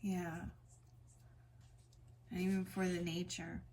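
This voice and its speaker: A woman reading oracle cards in a casual spiritual vlog, switching between slow, gentle card readings and rambling chatty asides. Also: lowish voice, level tone, a little hiss or hum. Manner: reads card meanings in a soft, slow cadence.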